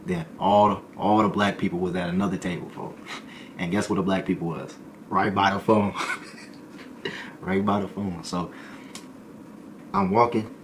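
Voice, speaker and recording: A man's voice: deep voice, fairly even intonation, a little slow, long pauses, slight background noise. A man telling a story in a casual, slangy way, now and then acting out other people's voices.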